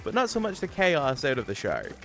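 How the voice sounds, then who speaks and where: A man's voice: a little high, wildly swooping pitch, normal speed, fairly bright tone, faint music behind. A man streaming live, chatting casually with his audience and laughing often. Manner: chatty, laughs often, reads chat aloud.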